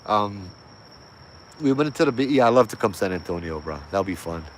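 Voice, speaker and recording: A man tells a ghost story in a casual, laid-back way, full of slang and fillers. His voice sits a little low. Faint crickets and insects chirp behind him. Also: expressive, brisk, slight background noise. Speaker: host telling a ghost story.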